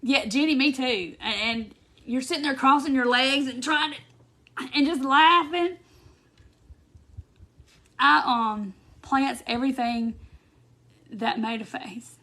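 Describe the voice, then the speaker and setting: Giggly high-voiced woman hosting a craft live. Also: unhurried, pushed and bright. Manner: giggly, laughs often while talking. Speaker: craft live-stream host. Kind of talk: casual live chat reading viewer comments. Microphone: phone or webcam on a live stream.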